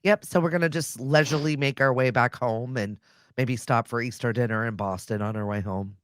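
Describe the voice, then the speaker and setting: A woman co-hosts a morning show in a relaxed, joking way. Her voice sits low for a woman, and it sounds dry and close to the mic. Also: brisk, no room sound. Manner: easygoing, joking and laughing along. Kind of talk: casual chat.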